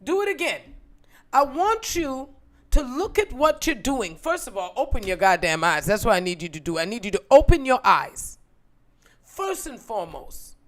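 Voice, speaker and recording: Stern mother scolding her daughter, quoted by a woman, commanding, insistent, fairly high voice. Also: sing-song, normal speed.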